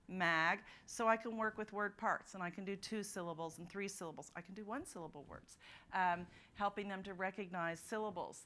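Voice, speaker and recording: At a teachers' literacy conference, a woman with a mid-range, fairly bright voice gives a workshop talk in a conference room. She works through examples, saying sounds and words aloud to model them for the audience.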